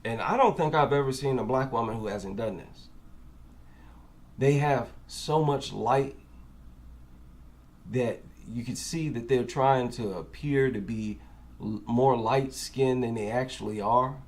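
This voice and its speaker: A man's voice: mid-range voice, a little slow. A man with an African American accent giving reaction commentary, incredulous and asking rhetorical questions.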